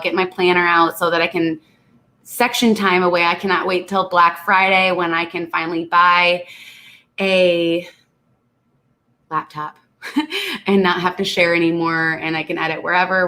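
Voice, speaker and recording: Woman streamer, lowish voice, chatty and laughing, stuffy nose, casual reading of viewer chat. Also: pushed and bright. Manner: chatty, laughs often, reads comments aloud. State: congested. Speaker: channel host reading live chat.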